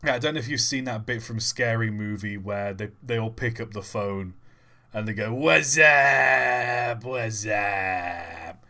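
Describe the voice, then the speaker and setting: Man, livestream host, casual rambling commentary, bright tone, thinking aloud. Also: on the low side, steady tone, normal speed.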